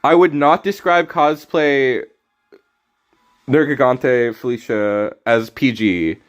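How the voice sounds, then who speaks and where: Guy streaming a card game, mid-pitch, teasing his chat, yelps out when stuff happens. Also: slow, clear, resonant tone. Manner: casual, teasing banter with chat; sudden loud reactions. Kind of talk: live game stream commentary.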